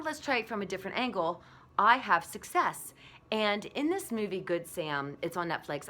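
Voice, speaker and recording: A woman in her forties, a blogger giving a candid, animated motivational talk. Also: medium pitch.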